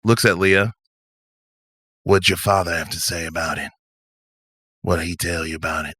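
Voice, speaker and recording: A man's voice: sits low, steady tone, normal speed, pushed and bright, slightly rough, no room sound, pitched below the performer's own voice, full character voice. A man voicing an easygoing male mind-reader who loves to jam and talks in a drawling, probing way.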